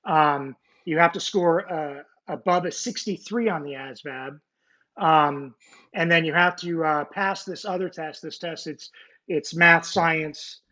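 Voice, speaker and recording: Speaking at a measured pace in a pushed, bright voice on the high side, a man in his forties describes his time as a Navy nuclear technician. He is from the United States and is being interviewed casually on a video call, with muffled audio. Nerdy and self-deprecating, he rambles with fillers and restarts and jokes about being a nerd.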